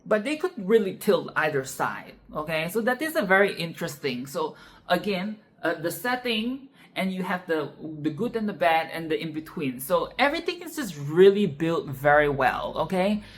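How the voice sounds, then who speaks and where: Woman ranting about an anime film, low voice, lots of cussing and "okay?". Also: lively intonation, moderate pace. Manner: emphatic, profane, repeats points with "okay?". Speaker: film reviewer. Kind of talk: casual film discussion vlog.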